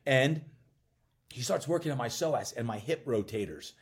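A man, a coach and podcast guest, telling a personal story in an animated way and acting out bits of dialogue. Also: medium pitch, breathy edge. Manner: acts out dialogue in quick voices.

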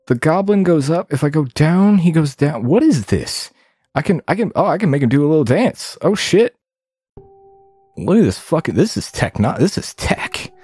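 A man's voice: fairly high pitch, darkish tone, slightly rough, no room sound. Incredulous swearing man playing a game. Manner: incredulous, swearing, laughing at what is on screen. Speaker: gamer. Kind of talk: game commentary.

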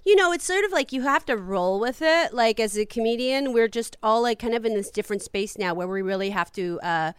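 A woman's voice: a little high, lively intonation, brisk, hardly any pauses, clean tone, dry recording. A woman comedian being interviewed, talking in a rambling, hesitant way with laughs between thoughts. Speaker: comedian guest. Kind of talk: casual interview chat.

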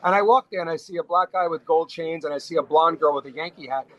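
A middle-aged man from New York, a restaurateur telling stories as a podcast guest, talking in quick bursts with frequent restarts. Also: on the high side, dull audio. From New York, USA. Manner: animated storyteller, talks fast in bursts with frequent restarts. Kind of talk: casual storytelling interview.

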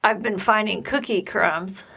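A woman co-hosts a relaxed chat show and tells stories at a leisurely pace. Her voice has a gravelly fry running through it, and she sounds amused by what she is telling. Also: mid-range voice. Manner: unhurried storytelling, amused. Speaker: podcast co-host, parent. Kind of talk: casual chat.

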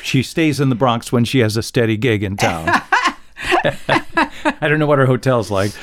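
A man's voice: medium pitch, big pitch swings, moderate pace, a bit bright, dry recording, studio quality. A man hosting a casual trivia podcast, telling stories with frequent chuckles. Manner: storytelling, chuckles often. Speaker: podcast host.

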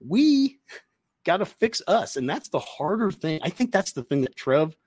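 A man's voice: high voice, big pitch swings, moderate pace, darkish tone, dry recording. A man on a sports podcast talks football casually, and his voice climbs sharply whenever he gets worked up. The sound is dry and close, with no room around it. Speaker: podcast co-host.

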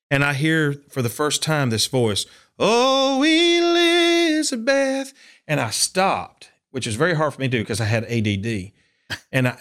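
A man, a country and bluegrass singer, telling stories in an interview and acting out quotes with animation. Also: mid-range voice. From Upper Cumberland, Tennessee. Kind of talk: storytelling interview.

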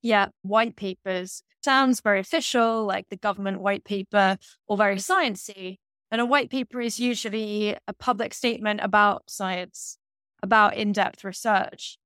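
A woman's voice: mid-range voice, steady tone, moderate pace, fairly bright tone, clear, resonant tone, dry recording. A woman co-hosting a casual podcast discussion, articulate and critical with a lightly wry edge. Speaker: podcast co-host.

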